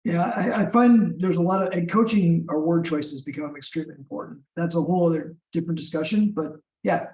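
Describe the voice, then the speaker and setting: High-voiced man, roomy and distant. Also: fairly quick, few pauses, dark tone. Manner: thoughtful, explanatory. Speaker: meetup participant. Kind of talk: casual group discussion. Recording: roomy, off-mic.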